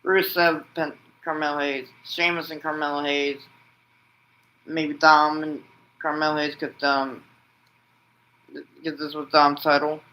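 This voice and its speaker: A man hosting a wrestling vlog, narrating an imagined match like play-by-play and shouting out the pin counts. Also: a little high, little pitch movement, a little slow, pauses often, low-quality recording. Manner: breaks into loud shouted pin counts and move calls; rambling, restarts sentences with "and then". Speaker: wrestling vlogger host. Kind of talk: excited fantasy-booking play-by-play.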